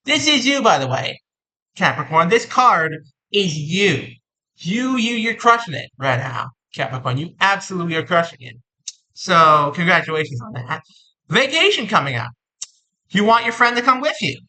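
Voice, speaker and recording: A woman giving a casual tarot reading, animated and playful, often repeating words for emphasis. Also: lowish voice, moderate pace, rough recording. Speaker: tarot reader.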